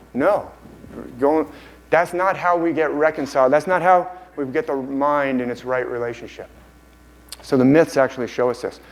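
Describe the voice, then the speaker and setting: A man's voice: a little high, a little mellow, poor audio. A man giving a conference lecture with enthusiasm, often repeating and restarting phrases. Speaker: conference speaker. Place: conference hall.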